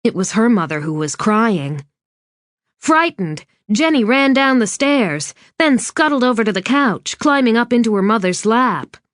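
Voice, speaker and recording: A woman narrating a suspense novel in a measured, even scripted reading. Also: fairly high pitch, no echo. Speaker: audiobook narrator. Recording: dry studio read.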